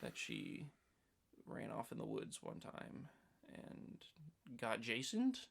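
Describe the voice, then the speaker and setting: A man with a gravelly, creaky voice cracks sarcastic jokes in a loose podcast chat. His pitch sits mid-range for a man, and his delivery stays wry and offhand. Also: big pitch swings, slow. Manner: sarcastic, joking. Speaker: podcast co-host, horror newcomer. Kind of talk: casual chat.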